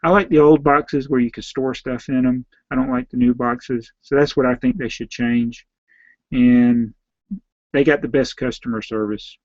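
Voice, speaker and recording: A man with a Southern US accent, a slightly hoarse YouTube host who reads out viewer names and questions and answers them in a rambling, offhand way. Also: mid-range voice, steady tone, moderate pace, a little mellow, no room sound, lo-fi sound. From Southern United States. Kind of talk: casual live Q&A.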